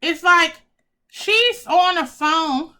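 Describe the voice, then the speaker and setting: A woman doing a casual tarot reading for her viewers, chatty and excitable, talking to them as y'all, with some swearing. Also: very high-pitched, drawn-out words. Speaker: tarot reader.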